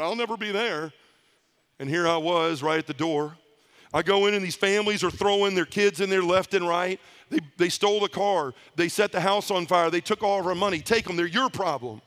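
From a conference hall stage, a middle-aged speaker recounts his personal testimony in a voice that sits high and sounds a bit bright. His telling is heartfelt, with much of it in the present tense.

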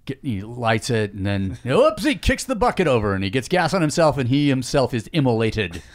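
A man chatting as a podcast guest, joking around and swearing in a loose, animated way. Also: medium pitch, moderate pace. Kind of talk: casual chat.

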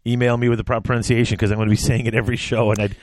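A man's voice: mid-range voice, little pitch movement, racing, a little mellow. A man co-hosting a podcast in casual chat, rambling and restarting his sentences as he goes. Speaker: podcast co-host.

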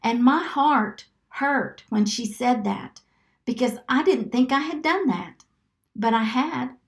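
A woman hosting a podcast, preaching with devotion and leading listeners through slow, earnest declarations to repeat after her. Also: on the high side. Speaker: podcast host. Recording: echoey room with faint music behind.

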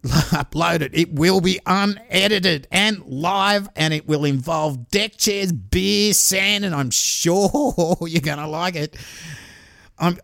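Man, gravelly, slightly high voice, casual profane podcast read, dry close sound. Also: fairly bright tone, no echo. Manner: casual and profane, chuckles while reading. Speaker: true crime podcast host. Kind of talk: reading out a listener's story, casual chat.

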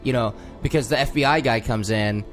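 A man co-hosting a podcast, chatting casually about a movie in a rambling, excitable way with plenty of swearing. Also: mid-range voice, fairly quick, faint music behind. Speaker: podcast co-host. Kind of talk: casual chat.

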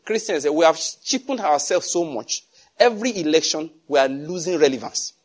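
A man with a Nigerian accent preaching a conversational, digressive sermon, swinging from hushed asides to loud emphasis. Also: a little high, lively intonation, moderate pace. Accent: Nigerian English. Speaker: pastor.

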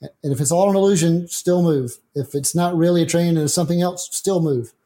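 A middle-aged man with a soft, mellow tone that sits slightly high for a male voice. He talks things through as a guest in a relaxed discussion, reaching for homely examples from daily life. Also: fairly quick. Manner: thinks aloud with homespun examples. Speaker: atheist guest. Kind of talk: conversational discussion.

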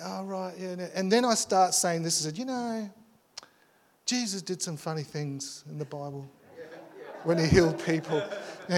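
A pastor preaching to his church, caught up in a story he tells with eager energy. His voice sits a little high for a man, and his sentences stumble and restart as he rushes on. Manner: animated storytelling with many restarts and stammers. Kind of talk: sermon.

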